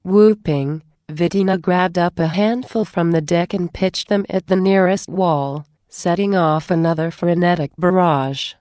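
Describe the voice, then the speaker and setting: Slow, low-voiced woman reading a story. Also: no room sound, studio quality. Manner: steady, measured. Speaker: narrator. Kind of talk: reading fan fiction aloud.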